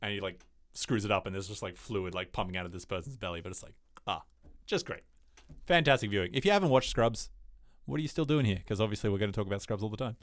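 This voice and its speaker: A man co-hosting a podcast, chatting casually about TV shows and acting out scenes in quick put-on voices. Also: lowish voice, expressive, no room sound, studio quality. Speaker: podcast co-host.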